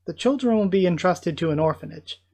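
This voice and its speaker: A man reading the lines of a calm male border patrol captain, with a steady, reassuring manner, as in a manga read-aloud. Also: high-pitched, fairly quick, gravelly, exaggerated voice.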